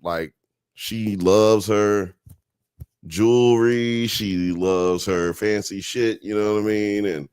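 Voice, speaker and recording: Low, slow-talking, profane male stream host. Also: darkish tone, smooth, dry recording, studio quality. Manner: profane, loose and joking, reading chat comments aloud. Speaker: host of a live-streamed talk show. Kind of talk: casual live-stream chat.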